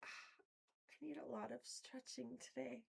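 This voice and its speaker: This livestream host has a high-pitched, gravelly voice with a breathy edge, speaking slowly in a steady tone. Talking to her chat casually, she plays it up theatrically with mock outrage, sudden whispers, and frequent laughs between lines.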